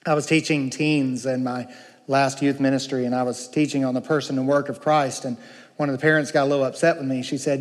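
A man preaching a sermon, emphatic, moving between slow, low passages and raised, urgent ones. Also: flat delivery, long reverb tail.

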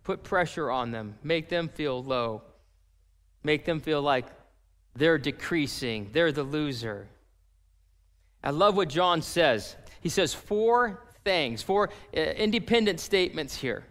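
High-voiced pastor in a reverberant hall. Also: male voice, takes it slowly. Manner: animated, acts out voices of people in the story. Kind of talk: sermon.

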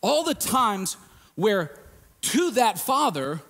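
A man preaching a sermon in a casual, emphatic way, swinging from hushed lines to shouted ones. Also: sits high, sing-song, slow, in a large hall.

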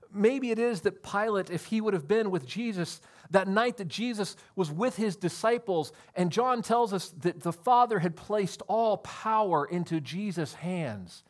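A man preaching a sermon, earnest and emphatic, often calling his listeners friends. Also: sits high. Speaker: pastor.

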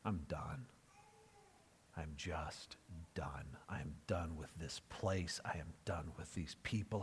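A man voicing an exhausted, despairing prophet who is ready to die, in a hushed whispered role-play with broken, repeated phrases. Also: low-pitched, slight background noise, pitched below the performer's own voice.

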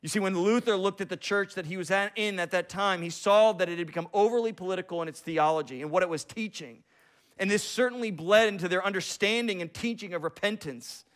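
A man preaching a sermon, telling stories with acted-out quotes and big swings between loud and quiet. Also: sits high, brisk.

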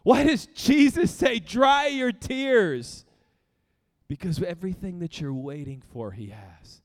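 A male pastor preaching a sermon, telling stories with laughter and sudden bursts of shouting, in a long-echoing hall. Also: on the high side, wildly swooping pitch, normal speed.

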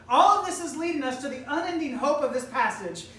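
A woman's voice: high-pitched, lively intonation, a little fast, fairly bright tone, a little hiss or hum. A woman preacher delivering an emphatic, rhetorical sermon in which she challenges death directly. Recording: roomy hall, distant mic, faint ambience.

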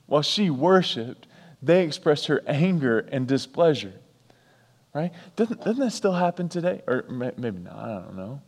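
A man's voice: fairly high pitch, sing-song, moderate pace. Man preaching, repeating lines, in a hall. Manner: repeats lines for emphasis, chatty asides. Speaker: pastor. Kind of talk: sermon.

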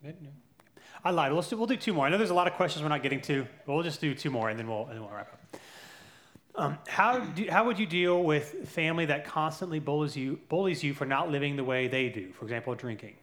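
A man hosting a live church Q&A, reading out questions and making announcements in a brisk, upbeat way. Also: on the high side, expressive, fairly bright tone.

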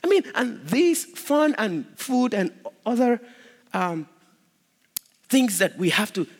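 Male pastor, high and lively delivery, emphatic sermon style, booming church reverb. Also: slow. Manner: emphatic preaching, swinging between loud stresses and low asides. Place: church sanctuary. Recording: long reverb of a large hall.

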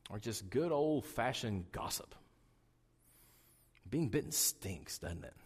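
A man from Wyoming, a pastor preaching a storytelling sermon, conversational and animated, swinging between loud and hushed. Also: fairly high pitch. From Wyoming, USA. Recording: reverberant hall.

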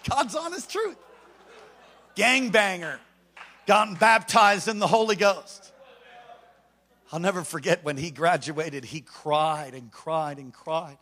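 A man preaching a sermon in an animated storytelling manner, talking straight to his congregation. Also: on the high side, takes it slowly, long pauses.

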